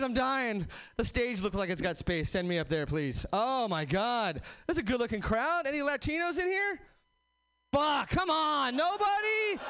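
A man's voice: very high-pitched, bright, forceful tone, clear, resonant tone. A male stand-up comedian performing on a crowded comedy stage. He is brash, swears freely and mocks himself. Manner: brash, profane, self-mocking. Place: packed comedy venue stage.

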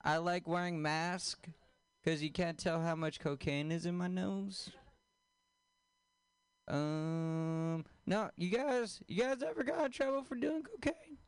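A man doing a stand-up comedy set, deadpan, with crude punchlines and questions thrown at the audience. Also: sits high, takes it slowly, clear, resonant tone, dry recording.

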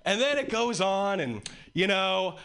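High, lively male stand-up comic. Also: measured pace, smooth. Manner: animated storytelling with crude jokes. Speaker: stand-up comedian. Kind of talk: stand-up comedy set. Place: comedy club with a live audience. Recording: live club recording with loud crowd. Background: crowd laughing.

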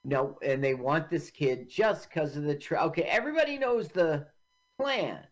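A man's voice: fairly high pitch, animated, normal speed. A man co-hosting a radio show, casually questioning a film's plot. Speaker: radio co-host. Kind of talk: casual film discussion.

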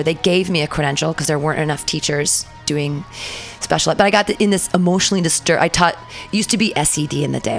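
A woman telling a profane, animated story from her past as a guest in a casual interview. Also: lowish voice, creaky.

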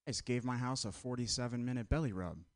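A man with a mid-pitched voice delivers a string of deadpan, clipped one-liners. The sound is dry and close. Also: quick pace, no room sound. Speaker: stand-up comedian.

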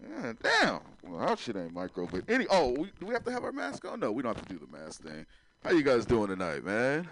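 A man's voice: mid-range voice, wildly swooping pitch, a little fast, a bit bright, a little hiss or hum, poor audio. A man doing a stand-up comedy set, loose and swearing, talking straight to the crowd.

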